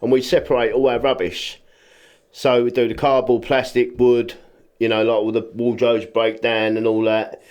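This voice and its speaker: A man, a rubbish clearance business owner chatting as a podcast guest, telling stories and acting out what people said. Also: medium pitch, level tone, moderate pace, a little mellow. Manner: plain, informal speech. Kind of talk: casual podcast chat.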